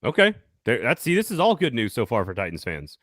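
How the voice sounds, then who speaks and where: Joking sports show co-host. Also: male voice, mid-range voice, wildly swooping pitch, fairly quick, fairly bright tone, no room sound, studio quality. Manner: jokey, laughs often, hypes co-host. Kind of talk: casual sports talk with ad reads. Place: Nashville studio.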